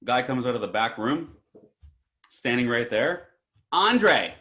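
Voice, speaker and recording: A man co-hosting a podcast and telling stories in an animated, casual way. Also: medium pitch, measured pace. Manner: animated, breaks into shouts and laughter while telling stories. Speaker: podcast co-host. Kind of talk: casual storytelling chat.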